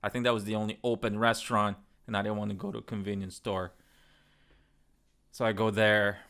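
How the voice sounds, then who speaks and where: A travel vlogger in his thirties tells a story about his travels in a laid-back, rambling, profane style. His voice is lowish and a bit bright, with little pitch movement and a brisk pace.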